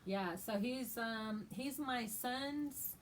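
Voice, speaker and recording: Chatty woman co-host over a steady hum. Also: a little high, extremely slow. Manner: chatty, frequent murmured agreement. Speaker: podcast co-host. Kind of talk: casual chat.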